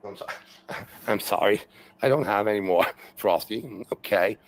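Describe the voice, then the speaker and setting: A man's voice: fairly low pitch, a little slow, poor audio. A man ranting on a livestream, profane and repetitive, with many fillers and constant "okay"s. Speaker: streamer in a replayed stream clip. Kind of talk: rambling livestream rant.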